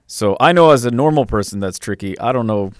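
A man's voice: mid-range voice, expressive, a little fast, no echo, studio quality. A man co-hosting a sports radio show in casual chat, easygoing and joking. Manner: easygoing, laughs along, joking. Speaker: co-host. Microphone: studio mic.

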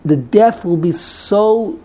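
A man's voice: high voice, takes it slowly, mellow, a little hiss or hum, low-quality recording. A man teaching a text class to a small group, wandering off into side stories and restarting his sentences often. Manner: digressive, restarts often, mixes Hebrew terms.

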